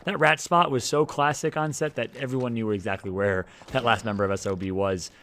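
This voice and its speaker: A man's voice: mid-range voice, steady tone, fairly quick, a bit bright. A man with a Midwestern American accent doing chatty, joking color commentary on an esports match. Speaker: esports analyst and co-caster.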